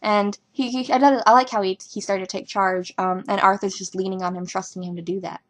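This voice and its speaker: A young woman talking casually as a fan reviewing a TV episode, rambling and excitable with lots of ums and likes. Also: mid-range voice, a little fast. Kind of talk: casual fan reaction commentary.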